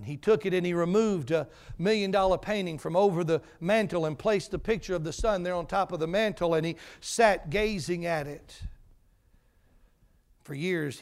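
A man's voice: on the high side, creaky. A male pastor preaching a sermon in a church, telling a story dramatically and then leading a prayer.

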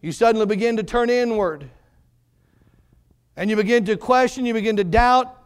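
A man preaching a sermon, dropping to hushed low passages and rising into fervent emphasis. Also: normal speed, clean tone.

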